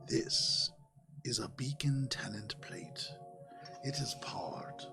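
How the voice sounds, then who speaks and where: A man's voice: mid-range voice, slow pace, vocal fry, whispered, music in the background. A man voicing an ancient, long-winded spirit that lives in prayer beads and loves to lecture about storytelling. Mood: wise.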